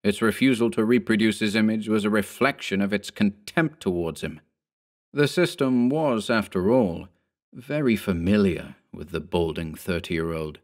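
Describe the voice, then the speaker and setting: Man, low voice, horror audiobook narrator, measured, steady, scripted.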